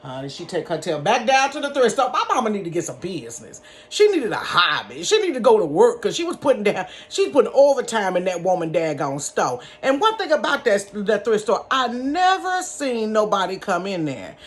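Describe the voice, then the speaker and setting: A woman telling a personal story in a casual, animated, folksy way, calling her listeners honey and y'all. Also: medium pitch, brisk, few pauses. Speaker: storyteller, channel host. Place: bedroom.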